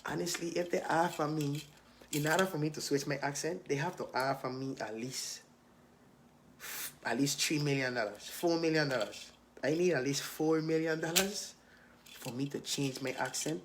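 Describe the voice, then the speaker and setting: A man's voice: fairly high pitch, normal speed, background noise. A young man with a Virgin Islands accent, a rapper casually reading out and answering questions in a streetwise, laid-back way.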